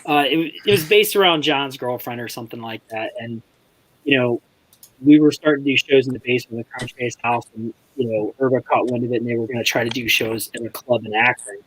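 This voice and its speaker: A man's voice: mid-range voice, fairly quick, fairly bright tone, breathy edge, low-quality recording. A man on a podcast, telling rambling, profane stories in casual chat and laughing as he goes. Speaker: podcast co-host. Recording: faint background noise.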